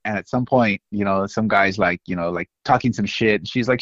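A man's voice: lowish voice, fairly quick, no room sound. Man telling band stories over lo-fi line. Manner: animated anecdotes, lots of "like" and "you know". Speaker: musician guest. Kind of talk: casual storytelling interview. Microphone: phone line.

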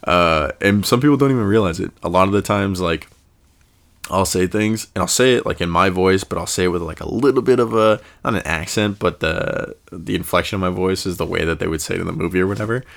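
A man's voice: sits low, vocal fry, fairly bright tone. A young man hosting a casual solo podcast, thinking aloud in a rambling way with fillers and restarts. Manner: chuckles often and slips into quick impressions. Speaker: podcast host.

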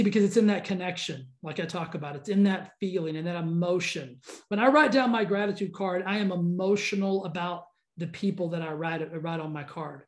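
A man's voice: high-pitched, a little mellow. A man hosting a podcast, speaking in an earnest, fervent motivational monologue with frequent restarts and repetition. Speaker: podcast host.

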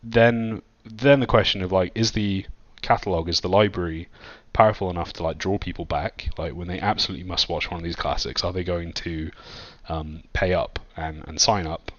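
Low-voiced rambling male podcast host. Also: steady tone, moderate pace, hardly any pauses, lo-fi sound. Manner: rambling, filler-heavy. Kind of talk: casual chat.

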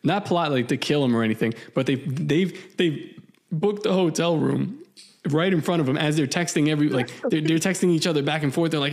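A man's voice: a little high, fairly quick, a little mellow. Rambling, profane man on a podcast. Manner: profane, rambling, laughs while telling stories. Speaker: podcast co-host. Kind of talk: casual podcast chat.

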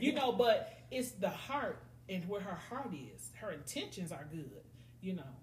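A woman's voice: lowish voice, normal speed. A middle-aged woman, chatting on a podcast and acting out her friends' voices as she tells stories. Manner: animated storytelling, acts out friends' voices. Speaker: podcast host. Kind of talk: casual podcast chat. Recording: echoey room, faint noise.

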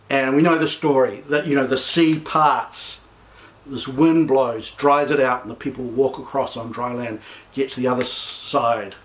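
A man's voice: mid-range voice, steady tone, a little slow, low-quality recording. A man preaching a sermon in a conversational way, often repeating words as he goes.

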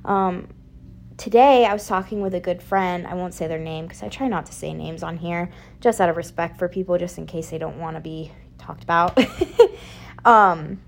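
A woman's voice: on the low side, moderate pace, creaky, slight background noise. A young woman hosting a casual solo podcast, chatty and rambling, laughing often, with a slight picked-up Southern twang. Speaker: podcast host.

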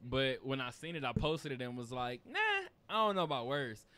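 A man's voice: mid-range voice, expressive, a little fast, sharp tone, clean tone. A man hosting a podcast, talking in a loose, rambling, profane way while telling stories to friends in a room. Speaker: podcast host. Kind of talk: casual podcast chat. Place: indoor studio room with friends.

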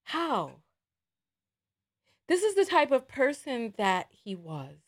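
A woman with a somewhat high voice hosts a livestream and delivers emphatic commentary. She presses her points, repeats herself for weight and keeps tossing in rhetorical asides to her viewers. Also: wildly swooping pitch, slow pace. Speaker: livestream host.

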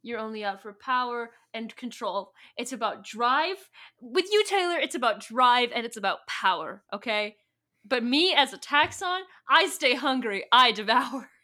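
A woman's voice: on the high side, steady tone, moderate pace, hardly any pauses, sharp tone. A woman voicing a defiant male hero, speaking in a boastful, mock-dramatic way.

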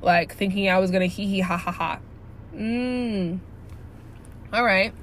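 A woman's voice: medium pitch, measured pace, a little hiss or hum. Blunt, profane young woman venting. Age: early 20s. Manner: animated, profane, frequent "like" fillers; indignant and blunt. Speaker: vlogger telling a workplace story. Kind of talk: casual storytime rant.

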